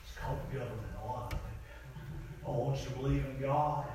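A male preacher, delivering a rhythmic sermon that swings between soft passages and shouting. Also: mid-range voice, a little fast, echoey room, recorded from a distance, background noise. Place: church.

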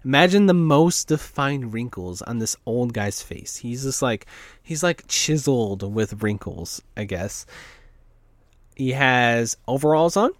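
A man's voice: mid-range voice, expressive, a little slow, dry recording. Man, vlogger, rambling storyteller with a dry close sound. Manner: rambling, filler-heavy, profane. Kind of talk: casual storytelling.

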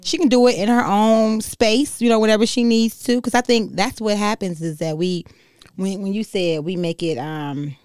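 A middle-aged woman speaks as a guest in a casual group chat. She sounds frank and self-assured, in a medium-pitched voice. Her voice is recorded dry and close, with no room echo. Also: steady tone, moderate pace, a little mellow, smooth. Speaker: panel guest.

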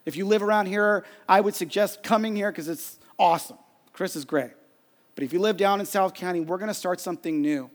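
A man's voice: high voice, brisk. A man, a pastor, giving an earnest sermon and telling a family story with quoted dialogue.

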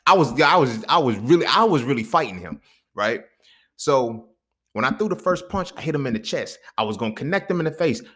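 A young adult man hosting a podcast, telling a story in casual slang, swinging from low mutters to loud, excited bursts. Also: brisk, breathy edge. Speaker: podcast host.

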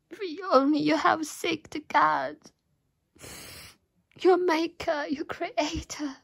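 Very high-pitched, tearful, pleading woman. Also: fairly even intonation, slow, creaky, dry recording, low-quality recording. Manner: tearful, pleading, often dropping to a whisper. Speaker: Christian believer giving testimony. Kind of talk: emotional prayer and testimony.

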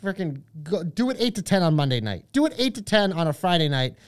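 Quick-talking co-host, smooth clear voice, emphatic casual banter. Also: mid-range voice, sing-song. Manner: fast, emphatic, hyping with lists. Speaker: podcast co-host. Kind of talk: casual opinionated chat.

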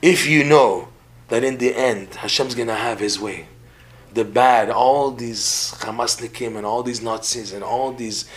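A man's voice: medium pitch, a little slow. A man giving a religious lecture in a podcast conversation, talking animatedly with frequent repeated words and laughs. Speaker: religious teacher.

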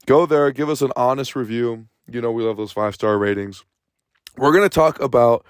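A man's voice: medium pitch, dry recording, studio quality. A man hosting a sports podcast, talking casually and energetically, a bit out of breath, rambling and restarting his sentences. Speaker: podcast host.

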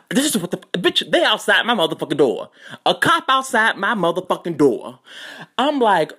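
Woman telling a wild story, cussing nonstop, voice jumping all over, lowish. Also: normal speed, slightly rough. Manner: profane, animated, loud exclamations. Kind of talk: comedic storytime.

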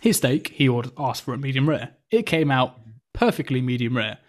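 A young man tells a story at a rapid clip, lively and a little crude. His voice sits at a middling pitch and he barrels from one detail to the next in a relaxed podcast chat. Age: 20s. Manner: animated, fast anecdote telling with swearing.

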